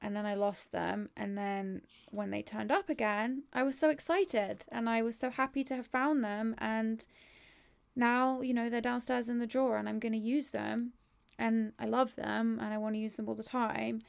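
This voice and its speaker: Woman, heavy vocal fry, slightly high voice, rambling, candid, casual chat. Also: steady tone, normal speed. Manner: candid, rambling, swears freely. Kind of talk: casual conversation about grief.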